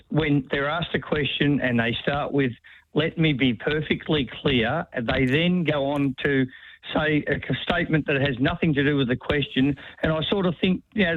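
A man calling a radio show by phone, complaining wryly and slowly. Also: a little high, no room sound. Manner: wry, drawn-out complaints. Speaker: caller. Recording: phone line.

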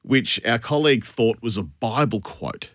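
A man's voice: mid-range voice, animated, normal speed, no room sound. An Australian man co-hosting a morning radio show, swinging his voice up and down as he spins a yarn. He laughs often and acts out every quote, and the sound is close and dry. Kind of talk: casual morning radio banter.

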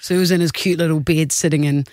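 A young woman, co-hosting a radio show in a studio, chatty and quick to laugh. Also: sits low, steady tone, a little mellow, dry recording. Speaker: radio co-host. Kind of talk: casual on-air banter.

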